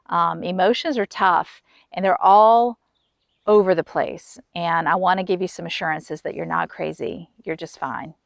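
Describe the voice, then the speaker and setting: A middle-aged woman hosting a video on affair recovery, talking candidly and personally to the viewer with soft laughs. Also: on the low side, clean tone, dry recording, clean studio sound. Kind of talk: direct-to-camera personal talk.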